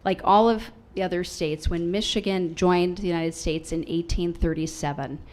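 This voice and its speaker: A woman leading a water law nonprofit, giving a formal, legalistic public comment at a government meeting in a measured way. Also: sits low, a little mellow.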